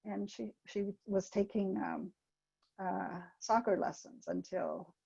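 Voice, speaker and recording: An older woman leads a webinar presentation in a mellow, relaxed voice. She talks gently, telling little anecdotes between pauses and fillers. The recording is dry and a little dull. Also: mid-range voice, gravelly, husky, no echo. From Canada.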